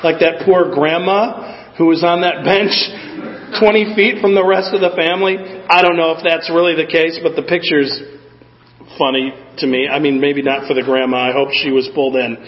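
A man's voice: fairly high pitch, fairly even intonation, normal speed, big-room sound, muffled recording. A man preaching a sermon in a conversational way, often asking the congregation "Amen?". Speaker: pastor.

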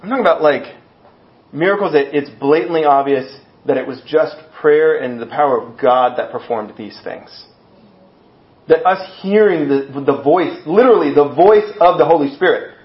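A man preaching a sermon as pastor, telling the story with lively acted-out voices. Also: fairly high pitch, moderate pace. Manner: animated storytelling, acting out voices. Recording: echoey room, dull sound.

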